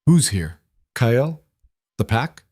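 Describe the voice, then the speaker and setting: A man voicing a hunted young woman, wary and defiant, with guarded, quick comebacks in an audiobook story. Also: mid-range voice, very animated, darkish tone, no echo, studio quality. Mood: alarmed.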